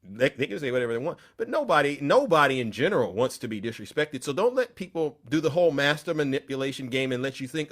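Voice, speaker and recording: A young man hosting a livestream, talking in a boastful, animated way and sometimes shouting. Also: medium pitch, fast, hardly any pauses. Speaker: livestream host. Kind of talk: livestream talk.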